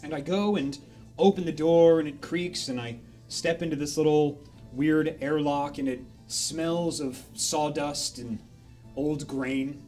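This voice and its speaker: A man telling a rambling, animated story live on a charity stream in a casual way. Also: on the high side, unhurried, soft background music.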